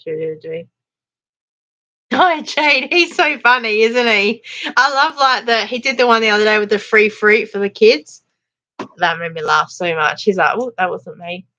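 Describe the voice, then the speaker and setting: An Australian woman hosting a casual live chat, chatty and quick to laugh, reading out viewer comments. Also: a little high, lively intonation, bright, forceful tone, muffled recording. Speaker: livestream host.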